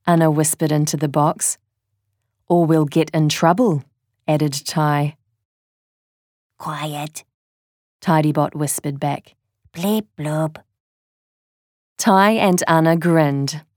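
A woman reading a children's story in a gentle, clear, measured way. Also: deep voice, no echo, clean studio sound. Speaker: narrator.

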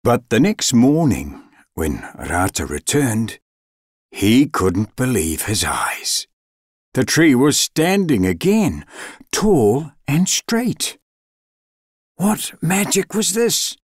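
A man reading a legend aloud as storybook narration, slow and expressive with dramatic pauses. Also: mid-range voice, husky, no echo, clean studio sound.

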